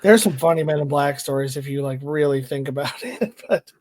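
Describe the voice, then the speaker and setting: A man co-hosting a podcast, chatty and quick to laugh while telling anecdotes. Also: a little high, animated, a little mellow, no echo, clean studio sound. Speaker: podcast co-host. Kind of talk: casual podcast chat.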